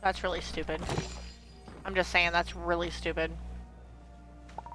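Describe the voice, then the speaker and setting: A woman's voice: fairly low pitch, little pitch movement, measured pace, music in the background. A woman streaming a video game at home, chatting casually, swearing when annoyed and talking to her pet. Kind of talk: casual gameplay chat.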